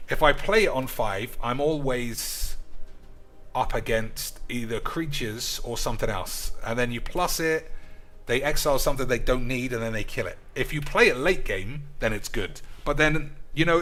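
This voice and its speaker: Young man, bright edgy voice, brash and sweary, casual gaming stream banter. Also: mid-range voice. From United States. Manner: brash, sweary, addresses viewers as boys.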